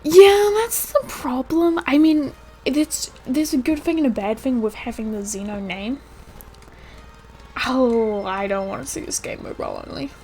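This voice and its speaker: A woman's voice: fairly high pitch, a little mellow. A woman streaming a video game who chats casually and laughs often. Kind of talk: casual gameplay commentary.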